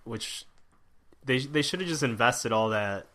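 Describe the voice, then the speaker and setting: A man's voice: medium pitch, lively intonation, a little slow, pushed and bright. A young American man in casual chat, rambling with lots of fillers and restarts. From United States.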